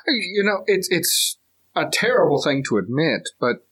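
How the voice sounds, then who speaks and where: A man's voice: a little high, big pitch swings, measured pace, a bit bright, breathy edge. A man co-hosting a podcast, telling long stories in casual chat, laughing often and restarting his sentences. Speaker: podcast co-host.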